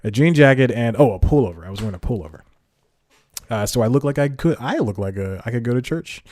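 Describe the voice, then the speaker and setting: A man's voice: mid-range voice, animated, fast, darkish tone, dry recording. A man hosting a comedy podcast, telling a story in a rambling way, correcting himself and chuckling at his own asides. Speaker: podcast host. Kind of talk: casual comedic monologue.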